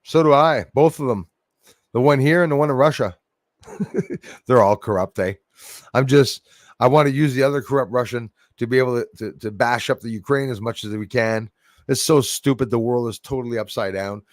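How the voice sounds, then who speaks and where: A man's voice: medium pitch, moderate pace, dry recording, studio quality. A middle-aged man, hosting a livestream and chatting casually through viewer comments, rambling and laughing often. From Canada. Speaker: livestream host.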